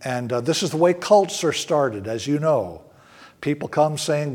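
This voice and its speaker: A man's voice: a little high, expressive, a little slow, darkish tone. A male pastor preaching a sermon to a congregation in a church, with earnest, emphatic rises on key words. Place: church sanctuary.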